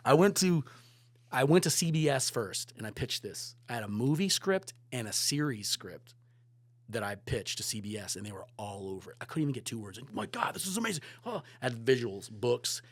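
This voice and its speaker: Brief: male podcast guest, mid-pitched, animated storyteller with loud bursts and hushed asides. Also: brisk, no echo. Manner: animated, swearing, swings between loud and hushed. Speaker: guest photographer and director. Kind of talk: casual storytelling.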